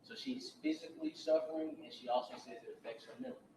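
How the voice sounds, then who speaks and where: A man's voice: extremely high pitch, huge pitch swings, quick pace, creaky, dark tone, a little hiss or hum. A man working as a defense attorney gives an opening statement to a jury, retelling events and acting out the quoted dialogue. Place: courtroom. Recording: echoey courtroom audio from a distance.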